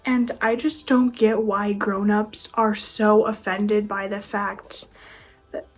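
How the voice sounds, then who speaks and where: A woman's voice: mid-range voice, little pitch movement, takes it slowly. A nineteen-year-old woman ranting casually to camera, sarcastic and exasperated. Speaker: vlogger. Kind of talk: casual rant.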